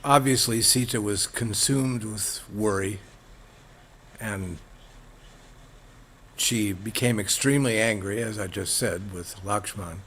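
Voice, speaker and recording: A man giving a storytelling religious lecture, halting with fillers and acting out characters. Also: on the low side, fairly bright tone, a little hiss or hum.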